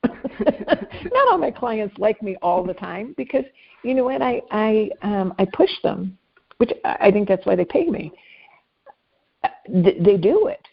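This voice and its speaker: A woman life coach with a gravelly, husky voice chats animatedly in an interview, laughing at herself and restarting her sentences often. The audio is dull and lo-fi, like a remote call. Her pitch sits in a middle range. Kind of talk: casual interview conversation.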